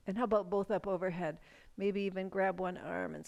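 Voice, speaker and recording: A middle-aged woman leading a chair yoga class, giving calm, gentle cues for breathing and stretching with casual asides. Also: medium pitch, a little fast, vocal fry. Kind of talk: guided class instruction.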